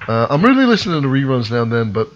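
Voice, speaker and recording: A man from Labrador, Canada, co-hosting a casual podcast chat, rambling enthusiastically and full of shout-outs. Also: mid-range voice, big pitch swings, rapid-fire, slight background noise. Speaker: podcast co-host. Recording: lo-fi podcast recording.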